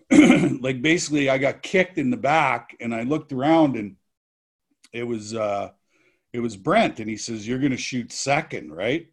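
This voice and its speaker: Male guest, slow-paced, laid-back storyteller. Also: medium pitch. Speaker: guest, former hockey player. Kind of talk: casual storytelling.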